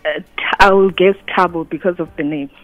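A woman's voice: fairly low pitch, fairly even intonation, fairly quick, highs cut off. A woman from South Africa calling in to a radio contest over the phone, polite and cheerful. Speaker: caller. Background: music bed.

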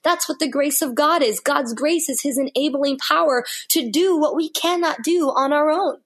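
A woman's voice: high-pitched, moderate pace. A woman guest on a faith interview, telling her personal story in an earnest, heartfelt way and repeating phrases for emphasis.

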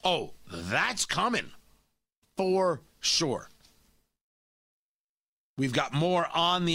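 Lively, sarcastic talk radio man. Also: on the high side, no echo. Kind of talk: opinionated talk radio commentary. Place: radio studio. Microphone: studio microphone.

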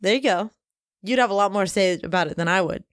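A woman's voice: medium pitch, fast, dry recording, clean studio sound. A young woman co-hosting a casual podcast in an easygoing, often laughing way. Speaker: podcast co-host.

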